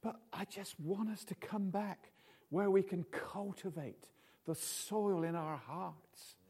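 A man's voice: on the high side, darkish tone, breathy edge. A man preaching an informal sermon in a chatty, jokey way, full of tag questions.

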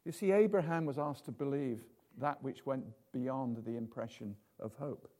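A man's voice: mid-range voice, normal speed, warm tone. A man preaching an informal sermon in a chatty, jokey way, full of tag questions.

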